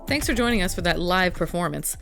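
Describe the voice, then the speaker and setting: A woman's voice: on the low side, lively intonation, a little fast, creaky, music in the background. A young woman recommending manga on a live convention panel, gushing and rambling with lots of fillers.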